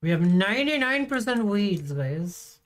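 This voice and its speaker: A woman's voice: medium pitch, very animated, unhurried. A woman streaming a farming game, chatting casually and teasing her viewers with a playful, giggly manner. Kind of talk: casual live-stream chat.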